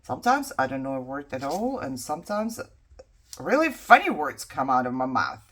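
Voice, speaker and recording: A chatty woman talking casually at her craft table at home, her pitch bouncing up and down in a lively way. She laughs often and slips into soft mutters to herself while she works. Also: moderate pace, breathy edge. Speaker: craft journaling vlogger.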